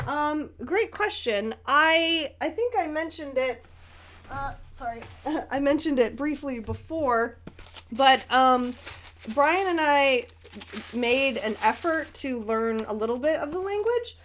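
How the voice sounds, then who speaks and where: A young woman from the US chats in a relaxed, rambling way while she paints, answering questions from her viewers. Her voice sits a little high, and her talk is full of ums, restarts and small laughs. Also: takes it slowly, a little hiss or hum. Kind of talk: casual paint-along chat.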